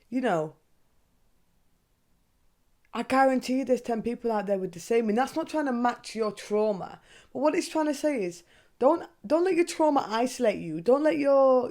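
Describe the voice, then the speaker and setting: A young woman hosting a podcast, talking casually and candidly, swearing freely and asking herself questions out loud. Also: a little high. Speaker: podcast host. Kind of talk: casual monologue.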